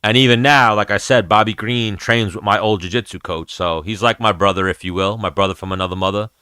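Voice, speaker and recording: A man in his thirties hosts a casual fight-talk livestream, chatting loosely and cursing often. His voice is slightly low, with a bright, forceful edge and a crisp, clear sound. The recording is dry and close. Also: fairly quick, no room sound. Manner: rambling, profane, chatty. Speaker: host of an MMA livestream.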